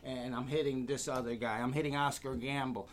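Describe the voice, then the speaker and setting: A man, telling lively stories as a guest and acting out the voices of the people in them. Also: mid-range voice, brisk, slight background noise. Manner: animated, acts out quoted voices. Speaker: guest storyteller. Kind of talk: casual anecdotes.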